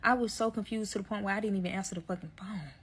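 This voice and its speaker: A woman's voice: medium pitch, steady tone, rapid-fire, breathy edge. A woman telling a dramatic personal story to her viewers in a storytime vlog, swearing freely and talking straight to her audience.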